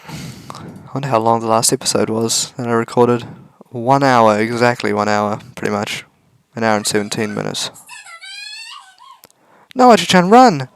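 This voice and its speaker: Man, gaming commentary, jokey asides, low gravelly voice, dry close mic. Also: little pitch movement, normal speed. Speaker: gaming video host. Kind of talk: casual commentary while reading a visual novel aloud.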